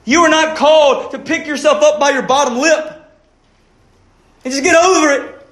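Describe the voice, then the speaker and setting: A man's voice: very high-pitched, normal speed, fairly bright tone, reverberant. A man preaching a sermon as pastor, earnest and pleading, asking his listeners questions.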